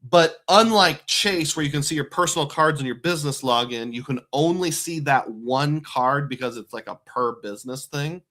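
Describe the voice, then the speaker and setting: A man's voice: on the high side, moderate pace, hardly any pauses, pushed and bright. A man hosting a casual livestream about credit cards and bank bonuses, talking in a chatty, rambling way with many asides. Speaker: personal finance host.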